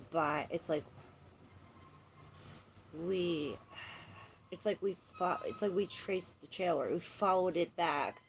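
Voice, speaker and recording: A woman's voice: fairly low pitch, creaky, a little hiss or hum. A woman giving a live tarot reading who rambles, trails off and restarts, swears casually and laughs often. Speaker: tarot reader. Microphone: phone.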